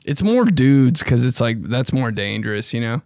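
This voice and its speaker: A young male podcast host chatting on his own in a loose, profane way. His voice swings high and low, and it sounds close and dry with no room around it. He talks like he is ranting to a friend. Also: normal speed, no echo. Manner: loose, profane and animated, with sudden jumps in pitch. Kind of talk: casual solo podcast chat.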